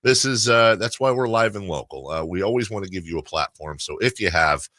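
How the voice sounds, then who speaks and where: A man's voice: deep voice, lively intonation, pushed and bright, no room sound, clean studio sound. A man hosting a morning sports radio show, joking and laughing with his co-host and callers. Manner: jokey, laughs often, quick to riff. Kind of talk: casual sports radio chat. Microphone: studio microphone.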